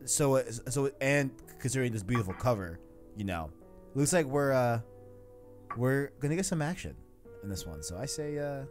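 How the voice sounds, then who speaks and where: A man's voice: medium pitch, expressive, moderate pace, soft background music. A man hosting a casual podcast, rambling with lots of fillers and laughing at himself. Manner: rambling, self-deprecating, laughs often. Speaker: podcast host. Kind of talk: casual podcast chat reading a comic aloud.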